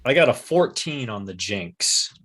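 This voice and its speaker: A man's voice: lowish voice, lively intonation, measured pace, fairly bright tone, a little hiss or hum. Playful man playing a tabletop game. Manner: playful, describes his character's creepy actions. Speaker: player. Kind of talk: casual tabletop play.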